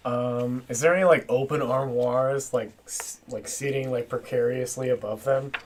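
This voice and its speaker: A man's voice: mid-range voice, fairly even intonation, moderate pace, slight background noise. A man playing a tabletop game, joking and asking the game master playful questions. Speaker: player. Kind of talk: casual tabletop game chat.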